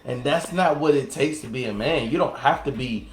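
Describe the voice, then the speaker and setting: Relaxed man rambling in an echoey room. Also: mid-range voice, normal speed, slight background noise. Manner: relaxed, rambling, with many fillers and restarts. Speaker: co-host. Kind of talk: casual chat.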